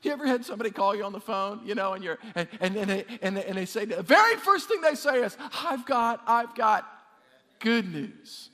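High-voiced pastor with twang. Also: male voice, fast talker, hardly any pauses. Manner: energetic, repeats words, asks the congregation to respond. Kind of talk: sermon. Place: church sanctuary. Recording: long hall reverb.

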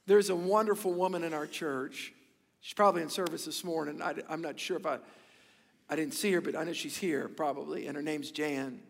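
A man's voice: a little high, steady tone, a little fast, creaky. A man preaching a sermon as pastor in a church service, with emphatic repeated phrases and rhetorical questions. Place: church sanctuary during a service. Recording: long hall reverb with faint music.

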